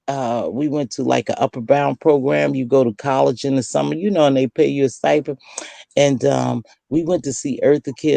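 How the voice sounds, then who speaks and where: A woman in her sixties hosting a casual late-night chat, telling lively stories and acting out the voices she quotes. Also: rumbling low, vocal fry, no room sound. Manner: lively storyteller who acts out quoted voices. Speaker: host.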